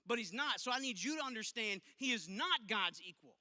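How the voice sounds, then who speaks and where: A youth pastor, preaching to teens in an emphatic, conversational way with punchy asides. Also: male voice, very high voice, expressive, a little fast, bright, forceful tone. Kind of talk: youth sermon. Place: church auditorium. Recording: long reverb of a large hall.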